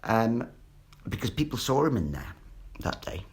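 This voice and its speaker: A man's voice: medium pitch, very animated, a little slow, slightly rough. A man, ranting in a rambling, sweary monologue and repeating himself. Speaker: vlogger.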